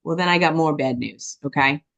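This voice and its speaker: A woman giving a personal testimony, talking quickly and passionately, often checking in with "okay?" and acting out voices as she tells her story. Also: low-pitched, vocal fry. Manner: animated storytelling with quoted dialogue. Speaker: business testimony speaker.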